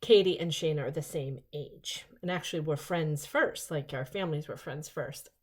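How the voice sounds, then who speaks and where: Chatty, excitable older woman vlogger. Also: low voice, moderate pace. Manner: chatty, excitable, rambling asides. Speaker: vlog host. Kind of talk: casual unboxing chat.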